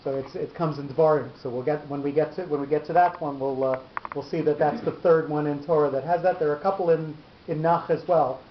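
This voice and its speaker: A man's voice: fairly high pitch, fairly even intonation, quick pace, a little hiss or hum. A man teaching a class on Torah cantillation, explaining patiently step by step and restarting his sentences often. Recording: echoey lo-fi room recording.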